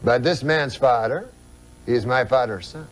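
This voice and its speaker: A man voicing an excitable middle-aged French-Canadian uncle with a thick comic French accent, eager and overjoyed. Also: mid-range voice, moderate pace, voice pushed down, close to an everyday voice. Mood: excited. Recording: TV studio audience, noisy broadcast.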